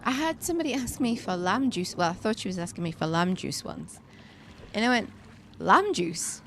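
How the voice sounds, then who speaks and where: A woman's voice: medium pitch, very animated, a little fast, a little hiss or hum. A woman streaming a survival game, telling shop stories in chatty casual talk full of fillers and restarts. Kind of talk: casual chat while gaming. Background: game music.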